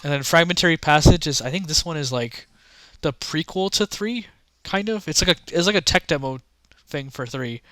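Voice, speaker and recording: A man with a fairly high, bright, forward voice talks casually and haltingly, circling back and restarting sentences often. He gives frank, offhand opinions in a loose rambling flow. The sound is close and dry, with no room around it. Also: no echo. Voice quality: halting, many restarts and fillers. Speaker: gaming content creator.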